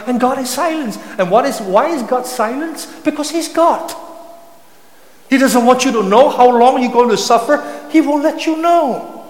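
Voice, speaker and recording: A man preaching a sermon with passion, sometimes rising to loud cries. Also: extremely high pitch, expressive, normal speed. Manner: impassioned, rising to shouts when voicing psalm cries. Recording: echoey hall with long reverb.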